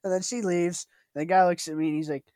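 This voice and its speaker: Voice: mid-range voice, steady tone, fast talker, mellow, dry recording, studio quality. A speaker casually retelling a bar story with a friend, laughing often and acting out the people involved.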